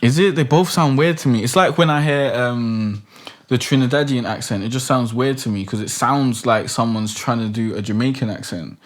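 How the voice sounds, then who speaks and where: A young man talks loosely on a podcast and keeps circling back on himself with "like" and "um". His pitch sits in an ordinary middle range. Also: moderate pace. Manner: rambling, loose and hesitant, lots of "like" and "um". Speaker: podcast host. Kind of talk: casual chat.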